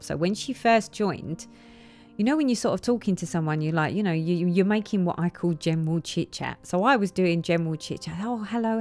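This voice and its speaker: A chatty woman talks straight to her viewers, retelling a story and slipping into quoted voices. Her voice sits a little low, with faint music playing behind. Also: a little mellow. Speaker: flosstube vlogger. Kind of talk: casual chat to camera.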